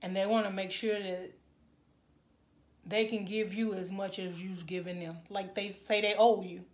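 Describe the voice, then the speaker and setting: A woman's voice: medium pitch, level tone, moderate pace, reverberant. A woman giving a casual tarot reading straight to her viewers, emotional and full of exclamations. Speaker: tarot reader.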